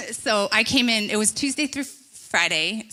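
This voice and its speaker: Bright-voiced animated woman preaching. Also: mid-range voice, measured pace. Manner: animated, chatty, laughs often while telling stories. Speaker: church speaker. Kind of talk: sermon with personal stories. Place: church stage.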